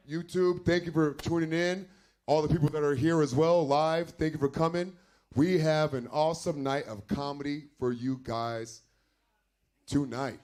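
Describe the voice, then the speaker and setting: A man's voice: fairly high pitch, a little mellow. Loose, joking comedy host man. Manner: loose, self-joking patter. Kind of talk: casual stage hosting.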